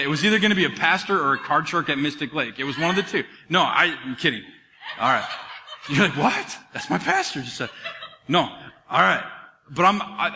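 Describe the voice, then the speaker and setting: A man preaching a sermon as pastor, animated and jokey, acting out the voices in the story. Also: fairly high pitch, long reverb tail.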